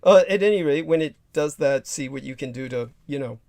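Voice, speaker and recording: A hoarse man hosting a casual livestream, his voice gravelly and a touch high for a man. He talks haltingly, circling back with fillers and restarts as he chats. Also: lively intonation, a little mellow, slight background noise. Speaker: livestream host.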